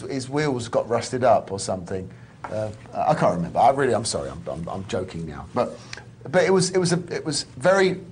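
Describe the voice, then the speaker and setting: A man's voice: medium pitch, husky. A man co-presenting a live poker show, rambling and joking with mock indignation. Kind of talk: live TV studio banter.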